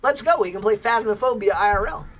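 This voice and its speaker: Talking fast at medium pitch, an American woman streams a game and chats with her viewers. She keeps it casual and bubbly, laughing frequently.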